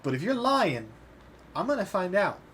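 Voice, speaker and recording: A man's voice: high voice, very animated, moderate pace, background noise, voice pushed up. A man voicing a suspicious male half-elf doorman who grudgingly lets people in with a warning. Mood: threatening. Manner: grudging, threatening.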